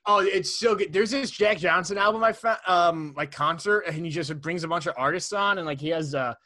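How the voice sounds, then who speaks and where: A man's voice: high-pitched, brisk, bright, forceful tone. A young man co-hosting a podcast, joking and teasing in casual chat. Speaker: podcast co-host.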